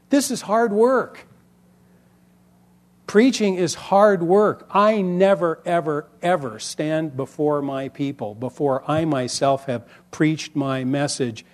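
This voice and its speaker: A middle-aged male pastor coaching other preachers in a relaxed, conversational way. His voice sits a little high for a man. He tells stories with lively swings in volume. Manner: conversational, animated storyteller with lively vocal swings. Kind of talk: teaching talk to pastors.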